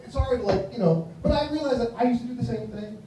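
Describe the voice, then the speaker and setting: Speaking quickly in an extremely high-pitched yet mellow voice, a fifties-aged man from the United States mumbles through a rambling stand-up routine at a comedy club. Heavy echo, a far-off voice, and faint noise mark the recording.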